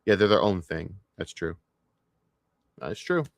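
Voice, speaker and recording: A man's voice: low voice, very animated, a little slow, gravelly, dry recording. A man streaming his reaction to a video, scornful and swearing heavily as he rants. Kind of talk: profane ranting commentary.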